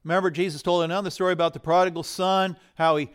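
A man preaching a sermon in a conversational way, rising to loud emphasis and dropping to hushed whispers. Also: sits high, fairly even intonation, fast, clean tone. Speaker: pastor.

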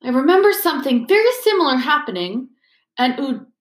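Woman reader doing a vain boastful wizard, pompous, voice pitched up, echoey room. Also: sing-song, fairly quick. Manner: pompous, self-satisfied. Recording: roomy echo.

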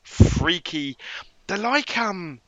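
A man co-hosting a casual podcast chat, animated and often stumbling over repeated words. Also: sits high, very slow, no room sound. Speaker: podcast co-host.

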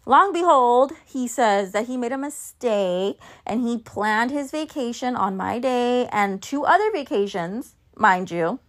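Chatty woman with a higher voice. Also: expressive, a little slow, hardly any pauses. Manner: candid and chatty, swears freely. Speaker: vlogger and mom. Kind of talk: casual storytelling vlog.

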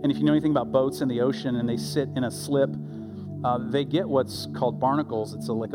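A middle-aged man preaching a sermon as pastor, talking conversationally with lively asides and quick restarts. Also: medium pitch. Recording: loud music under the voice.

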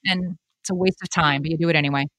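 A woman's voice: low voice, rapid-fire, dry recording, clean studio sound. A woman in her late thirties telling stories on a podcast, acting out what others said. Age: 30s. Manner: animated storyteller acting out quotes. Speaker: podcast co-host. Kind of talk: casual storytelling chat.

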